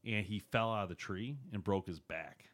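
A man co-hosting a podcast, telling stories in a casual chat with a laughing, lively delivery. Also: normal speed. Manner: lively, laughing storyteller with wide pitch swings. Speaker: podcast co-host.

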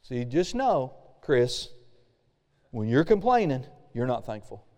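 A man's voice: medium pitch, very animated, slow, dark tone, in a large hall. A male pastor preaching a casual sermon, reading scripture aloud and acting out the quoted complaints.

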